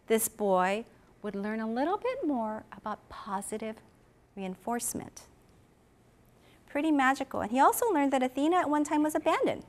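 A woman's voice: high-pitched, darkish tone. A woman giving a conference talk who tells a story, asks the audience questions and acts out the people she quotes. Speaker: conference presenter for an animal welfare education program.

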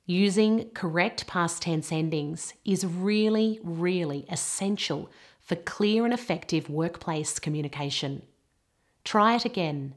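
Slow, deliberate female pronunciation teacher. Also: on the low side. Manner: clear, deliberate model pronunciations. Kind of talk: scripted pronunciation lesson.

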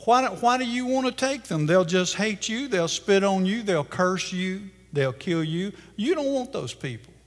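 A man's voice: high voice, huge pitch swings, brisk, creaky, few pauses, breathy edge, voice pushed up, exaggerated voice. A man preaching a sermon, voicing a boastful male devil who gloats and taunts. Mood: gloating boastful. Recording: long church-hall reverb.

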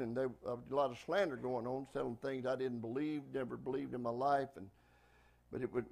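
A pastor with a Southern US accent from Texas, preaching a folksy, emphatic sermon with frequent praise-God interjections. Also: male voice, fairly high pitch, gravelly.

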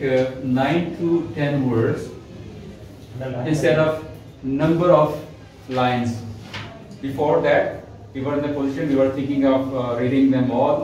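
A man's voice: medium pitch, darkish tone, slight background noise. A man with a Pakistani English accent teaching a classroom lecture, explaining step by step with frequent fillers and repeated key words. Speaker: IELTS instructor. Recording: echoey room, mic far from speaker.

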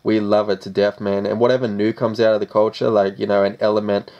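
Laid-back young Australian man, flat voice. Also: lowish voice, fast talker, highs cut off. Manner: laid-back, says man after most phrases. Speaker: rapper. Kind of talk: casual interview answers.

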